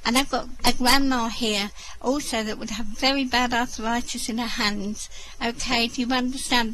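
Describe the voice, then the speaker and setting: A woman medium leads a spiritual reading over an online voice chat, her voice sitting on the higher side. She talks straight to the person she is reading for and keeps asking whether they understand. A faint hum sits under the computer mic. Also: rough recording. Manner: warm, repeatedly checks in with the sitter. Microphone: computer mic in an online voice chat room.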